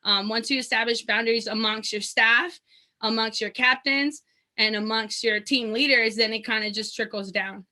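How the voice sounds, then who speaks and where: Bright-voiced woman basketball coach. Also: on the high side, steady tone, normal speed. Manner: conversational, many fillers. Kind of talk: panel discussion.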